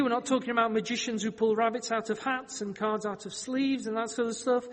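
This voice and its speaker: A man's voice: high-pitched, in a large hall. A man preaching a sermon, telling a Bible story in a conversational way with wry joking asides.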